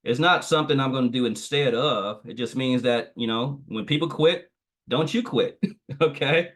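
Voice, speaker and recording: Guy preaching about consistency on a video call, repeats himself a lot, middle pitch. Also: moderate pace, a bit bright. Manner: preachy, repeats phrases, tells a parable. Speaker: guest trainer. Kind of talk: motivational training talk.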